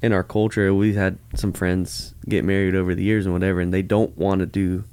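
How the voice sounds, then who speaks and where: A man's voice: deep voice, flat delivery, brisk, a little mellow. A man chatting casually, earnest and encouraging. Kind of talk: casual chat.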